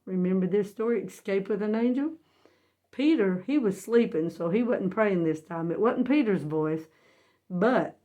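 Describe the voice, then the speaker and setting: A woman's voice: medium pitch, mellow. A woman teaching a Bible lesson as folksy storytelling, earnest and emphatic, often asking her listeners to guess what happened next.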